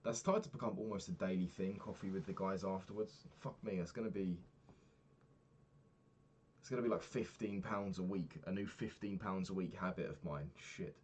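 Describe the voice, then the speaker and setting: A young man, a personal trainer, candidly recapping his week and swearing freely, getting animated when retelling annoyances. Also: sits low, moderate pace, a little hiss or hum. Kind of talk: casual vlog recap.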